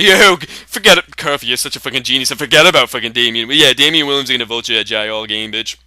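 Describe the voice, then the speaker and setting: Brash young man, profane trash talk, very bright, crisp, dry sound. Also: mid-range voice, quick pace, hardly any pauses, no echo. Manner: brash, boastful, swearing constantly. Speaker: comedy sketch host.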